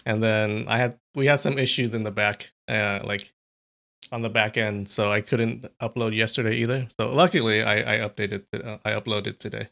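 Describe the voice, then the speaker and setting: A man's voice: lowish voice, steady tone, moderate pace, gravelly, fairly bright tone. A man hosting a casual livestream, chatty and thinking aloud, laughing often. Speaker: streamer.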